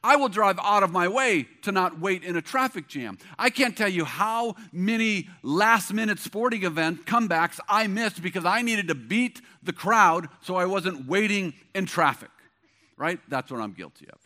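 Bright-toned high preaching man. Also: lively intonation, moderate pace. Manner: emphatic, repetitive preaching cadence. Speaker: pastor. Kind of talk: sermon.

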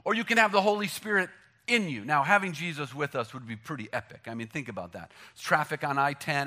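Bright, high-voiced, animated preacher. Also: male voice, quick pace. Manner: animated, joking, shifts from loud punchlines to hushed emphasis. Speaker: pastor. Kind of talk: sermon.

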